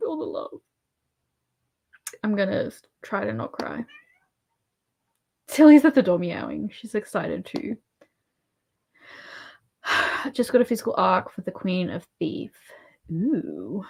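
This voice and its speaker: An Australian woman hosting a casual livestream, soft-spoken and rambling, often dropping to a murmur. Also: mid-range voice, very animated, slow pace, vocal fry, pauses often, breathy edge. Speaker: livestream host.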